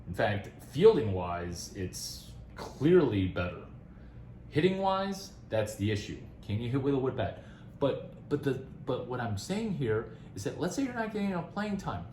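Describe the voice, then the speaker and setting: Rambling, animated man, echoey room. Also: mid-range voice, moderate pace, a little hiss or hum. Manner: rambling, animated, laughs often, restarts. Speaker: speaker giving career advice. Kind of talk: casual talk.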